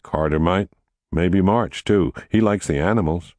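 A man reading the part of a gentle young farmhand who speaks kindly and reassuringly. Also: low voice, a little slow, dry recording, studio quality. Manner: kind and reassuring.

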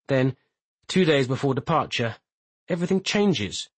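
A man narrates a literary novel in a measured, even reading. His voice is husky and sits at a middle pitch. The sound is close and dry. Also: no room sound, rough recording. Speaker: audiobook narrator. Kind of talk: scripted narration.

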